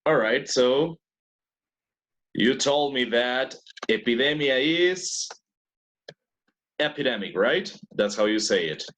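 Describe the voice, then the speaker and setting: A man's voice: mid-range voice, slow pace, long pauses, a bit bright, low-quality recording. A man teaching an English class over a video call, patiently repeating his questions to prompt his students.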